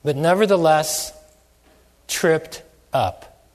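A man's voice: fairly high pitch, drawn-out words. A man preaching a sermon, asking many questions and stretching out phrases for emphasis. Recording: long hall reverb.

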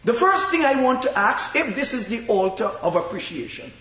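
A man preaching a sermon, with emphatic, drawn-out phrases that rise to shouts. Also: very high-pitched, very animated. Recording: echoey hall, dull lo-fi sound.

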